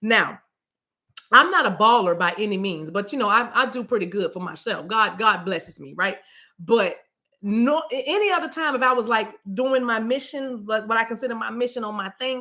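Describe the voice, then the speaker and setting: A woman's voice: mid-range voice, fairly quick, sharp tone. An American woman hosting a spiritual channel, telling a story in a chatty, casual way and speaking straight to her viewers.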